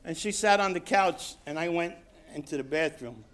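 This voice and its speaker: New york guy telling his recovery story, voice sits high, goes quiet then laughs at himself. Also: normal speed. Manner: storytelling with acted quotes, drops to quiet emphasis, laughs at himself. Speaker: recovery speaker. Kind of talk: personal story at a recovery convention. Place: convention hall stage.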